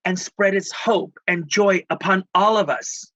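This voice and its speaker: A middle-aged man from Texas tells personal stories with feeling, tossing in Spanish endearments. His voice is bright and forward. The recording is dry and slightly dull. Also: sits high, a little slow, dry recording. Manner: expressive, breaks into Spanish endearments. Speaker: guest, spiritual healer and life coach. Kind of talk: emotional storytelling in conversation.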